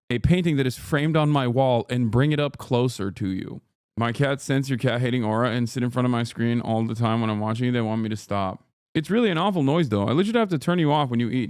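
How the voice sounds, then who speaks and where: Streamer guy, smooth clean voice, dry close sound, rambly and blunt, swears a lot. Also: medium pitch, darkish tone, no room sound. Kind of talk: casual reaction commentary. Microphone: streaming microphone with noise gate.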